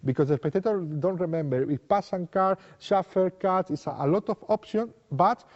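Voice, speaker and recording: A man's voice: sits high, normal speed. A man teaching card magic in non-native English, acting out sample lines for a spectator. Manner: non-native English, simple repetitive phrasing. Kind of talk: explaining card magic technique. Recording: long reverb, dull lo-fi sound.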